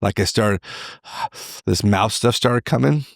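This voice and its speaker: A middle-aged man, a podcast guest, telling a candid personal story in an animated way. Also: lowish voice, takes it slowly, creaky, no room sound, clean studio sound. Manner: animated, acts out quoted voices.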